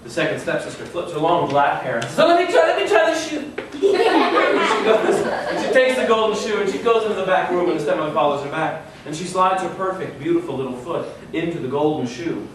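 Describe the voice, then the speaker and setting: A man's voice: a little high, animated, quick pace, few pauses. A man telling a fairy tale to a young audience, playful and full of asides that pull the listeners in. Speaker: children's author reading aloud. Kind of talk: animated storytelling to kids. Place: event room with young audience. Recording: echoey room, distant mic, noisy.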